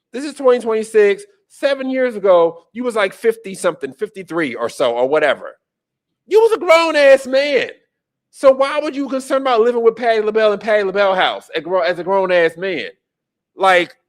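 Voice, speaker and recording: A man with a high-pitched voice hosts a casual political podcast. He rants in profane disbelief, stacking up rhetorical questions and breaking into laughs. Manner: profane, incredulous ranting with laughs. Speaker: podcast host.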